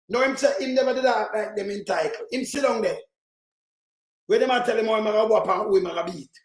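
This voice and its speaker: Give me a Jamaican man with a very high voice, mocking and heated, reacting to clips in a room with echo. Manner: heated, mocking, speaks in patois. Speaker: political commentator. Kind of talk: reaction commentary on played clips.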